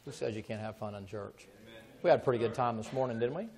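A man's voice: mid-range voice, quick pace, crowd noise. A pastor preaching a sermon in church, joking and asking his congregation rhetorical questions.

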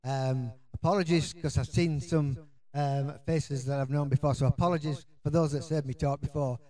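Speaking at a conference, a middle-aged Yorkshireman keeps things informal and chatty, his accent plain throughout. His warm voice sits on the high side with fairly even intonation and a moderate pace, though he wanders, starts sentences over, and leans on ums and uhs.

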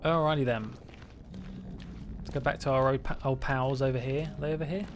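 A man's voice: mid-range voice, fairly even intonation, fairly quick, noisy background. A man live-streaming gameplay, chatting playfully, mocking himself and talking to the game creatures and his viewers. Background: game music.

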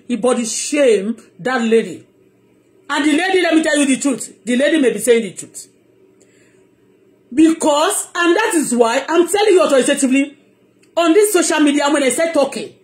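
A woman with a Nigerian accent giving an impassioned, heated monologue on her blog, emphatic and repeating herself. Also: high voice. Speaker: online blogger.

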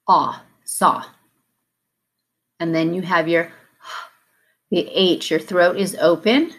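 A woman leads a children's phonics lesson at an unhurried, deliberate pace. Her voice sits a little low, and she over-articulates each sound so young learners can copy it. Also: fairly bright tone. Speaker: teacher.

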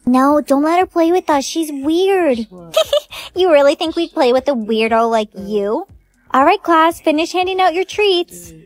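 A text-to-speech woman's voice reading a storytime script, voicing every role with even synthetic delivery. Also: sits high, moderate pace.

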